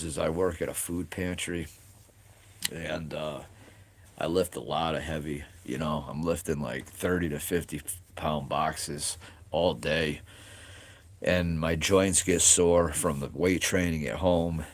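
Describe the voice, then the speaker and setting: A man in his late forties, hosting a casual livestream and talking loosely to viewers, rambling with lots of "you know" and "like.". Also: rumbling low. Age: 40s. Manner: rambling, thinks aloud with many "you know" and "like". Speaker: livestream host. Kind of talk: casual live chat with viewers.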